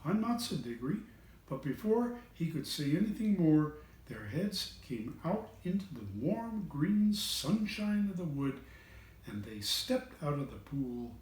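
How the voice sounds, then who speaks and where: A man reading a children's storybook aloud in an expressive voice, changing voices for the characters. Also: on the high side, a little slow, recorded from a distance. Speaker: reader of children's books. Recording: echoey room, away from the mic.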